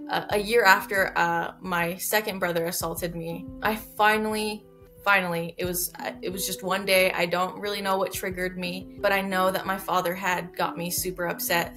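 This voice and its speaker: A young woman telling her life story in a halting, soft-spoken way, with many fillers and restarts. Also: on the low side. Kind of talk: personal testimony. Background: soft guitar music.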